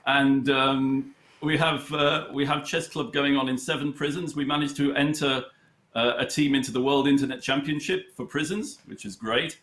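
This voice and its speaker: A man from the United Kingdom tells stories at a relaxed, halting pace, often restarting his sentences. His voice sits at an ordinary middle pitch. The sound is roomy and echoey, as if recorded in a bare room over a call. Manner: hesitant, many fillers and restarts, storytelling. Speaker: chess charity head, studio guest. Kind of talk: conversational interview answers. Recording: roomy echo.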